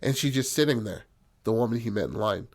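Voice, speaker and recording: A man's voice: lowish voice, animated, brisk, a little mellow. A man casually telling a story on a podcast, rambling and profane with lots of fillers.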